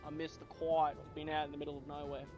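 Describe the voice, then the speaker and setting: A man's voice: fairly high pitch, monotone, fast talker, dull audio, music in the background. An Australian man chatting casually with friends during a game, blunt and swearing constantly. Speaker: gamer in voice chat. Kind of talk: casual chat.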